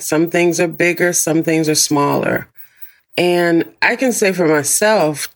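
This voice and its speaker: A woman hosting a podcast, talking casually in a deep morning voice and laughing often. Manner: warm, chatty, laughs often, slow deliberate phrasing. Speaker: podcast host. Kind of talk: casual solo podcast talk.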